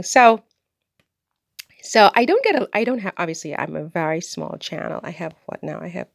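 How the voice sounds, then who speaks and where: A woman's voice: fairly low pitch, vocal fry, dry recording, studio quality. A woman from the Caribbean vlogging on her own channel, chatting in a rambling, talkative way and breaking into laughter. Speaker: YouTuber. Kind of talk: casual vlog monologue.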